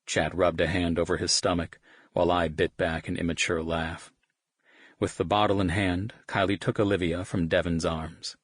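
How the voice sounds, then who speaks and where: A man's voice: low voice, level tone, moderate pace, slightly rough, dry recording, clean studio sound. A man narrating an audiobook in the first person with a wry, casual delivery. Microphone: studio microphone.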